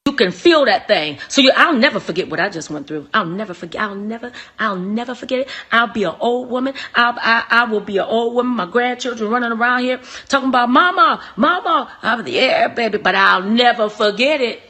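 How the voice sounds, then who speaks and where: Emphatic high-voiced woman giving advice. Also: fairly quick, few pauses. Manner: preachy, emphatic, repeats phrases, swings from soft to shouting. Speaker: relationship talk host. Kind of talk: live-stream relationship advice talk.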